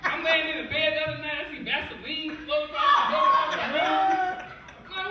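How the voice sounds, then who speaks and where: A young man from Cincinnati in his twenties doing a stand-up set, telling stories in a loud, profane, animated way. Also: very high-pitched, fairly quick, heavy background noise. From Cincinnati, USA. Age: 20s. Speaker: stand-up comedian. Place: comedy club stage. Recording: echoey club, distant mic, loud crowd.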